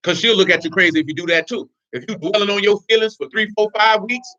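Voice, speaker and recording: Fast, blunt street-talking male preacher. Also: high-pitched, steady tone, sharp tone. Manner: streetwise, blunt, laughing asides. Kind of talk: informal religious teaching. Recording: dull lo-fi recording.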